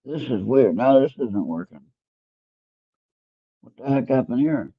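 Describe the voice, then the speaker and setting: Man, casual tarot show host, rambling self-talk, gravelly voice, tinny phone-quality recording. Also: medium pitch, expressive, a little slow, dry recording. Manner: rambling, talks to himself while fumbling with his phone. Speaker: tarot reader hosting an internet radio show. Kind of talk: casual live spiritual reading and chat.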